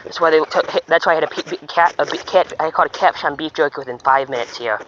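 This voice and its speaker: A man with a somewhat high voice talks casually while fishing at a pond, rambling, stopping and restarting his sentences. The outdoor recording sounds dull and lo-fi, with steady noise clearly audible behind him. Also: quick pace. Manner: rambling and chatty, with frequent stops and restarts. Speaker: fishing vlogger.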